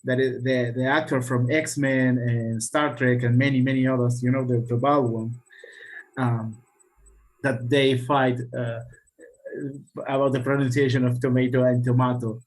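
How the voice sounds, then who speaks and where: A man's voice: medium pitch, little pitch movement, rough recording. Spanish-accented guy teaching english on a video call, lots of uhs and restarts, keeps asking "right?". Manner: halting, many fillers and restarts, checks in with "right?". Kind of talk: online English class.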